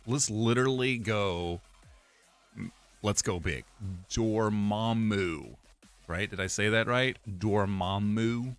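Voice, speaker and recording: Young male streamer, casual, rambling, slow delivery over faint music. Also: medium pitch, pushed and bright. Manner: rambling, repeats himself, frequent laughs and fillers. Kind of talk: casual live-stream chat.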